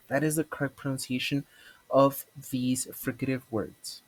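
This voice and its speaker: A man's voice: mid-range voice, measured pace. A man student explaining pronunciation casually, contrasting wrong and right forms of each word. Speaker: student presenter.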